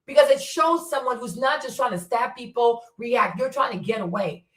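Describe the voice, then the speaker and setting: A woman's voice: a little high, moderate pace, distant mic. A woman giving impassioned commentary, blunt and profane, firing off rhetorical questions. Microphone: streaming setup. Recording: roomy sound from away from the mic.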